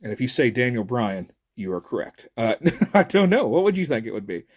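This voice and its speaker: A man's voice: mid-range voice, sing-song, brisk. A middle-aged man, chatting casually and jokily as a toy reviewer, rambling with lots of fillers. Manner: rambling and jokey, with many fillers. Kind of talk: casual chat.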